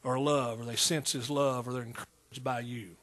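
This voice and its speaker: A man's voice: medium pitch, fairly even intonation, moderate pace, fairly bright tone. Folksy East Texas preacher man. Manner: folksy, call-and-response preaching. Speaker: pastor. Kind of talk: sermon.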